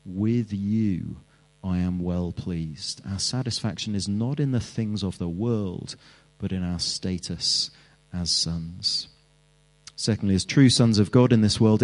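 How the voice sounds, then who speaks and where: Male preacher, lowish voice, earnest sermon delivery with repetition for emphasis. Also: a little slow. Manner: earnest, emphatic, builds with repeated phrases.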